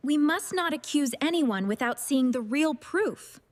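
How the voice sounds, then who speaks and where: Brief: calm fair teacher, a woman plays her, slow and kind. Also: high-pitched, noisy background. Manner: slow, gentle, reassuring. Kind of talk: slow storybook dialogue for learners.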